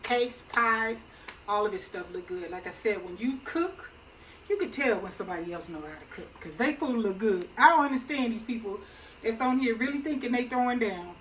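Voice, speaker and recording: A middle-aged woman with a slightly high voice chats her way through a cooking demonstration at her own stove. Her talk is folksy and easygoing, and she laughs easily. A faint hum of kitchen noise sits behind her. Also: lively intonation, moderate pace, a bit bright, low-quality recording. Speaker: home cook and channel host.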